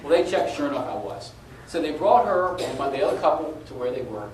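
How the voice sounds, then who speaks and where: Middle-aged male conference speaker, animated storyteller, recorded far off in a noisy, reverberant hall. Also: on the high side, brisk. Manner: animated storyteller, laughing at his own story. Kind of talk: live anecdotal talk. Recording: echoey live hall, taped from a distance with noise.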